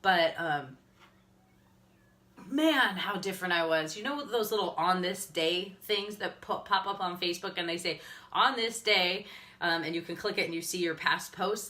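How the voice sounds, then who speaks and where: A woman's voice: mid-range voice, lively intonation, moderate pace, bright, forceful tone. A woman in her thirties with an upper Midwestern American accent, talking candidly and emotionally in a live video as a fitness coach. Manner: candid, earnest, tearful at times, laughs often.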